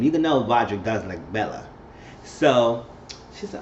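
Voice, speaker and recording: A man giving an animated, chatty recap of a TV episode, with quick asides. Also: medium pitch. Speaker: TV show reviewer. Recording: echoey, dull-sounding room with faint hiss.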